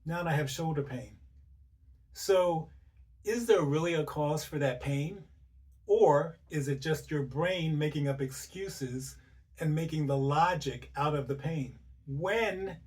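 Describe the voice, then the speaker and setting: A man's voice: on the high side, slow, a little mellow, recorded from a distance. A man hosting an informal health talk, conversational and full of rhetorical questions and "right?" tags. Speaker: host.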